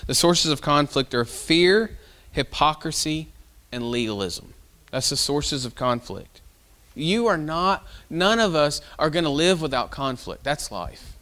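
A man preaching in a folksy, conversational manner, mixing stories with plain talk and casual fillers. His voice sits a bit higher than most men's. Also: expressive, a little slow, pushed and bright. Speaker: pastor. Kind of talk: sermon.

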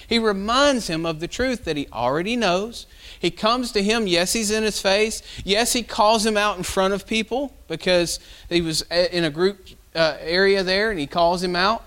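Brief: male pastor, folksy conversational sermon, slightly high voice. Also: normal speed, fairly bright tone, clean tone. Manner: folksy, conversational storytelling with fillers.

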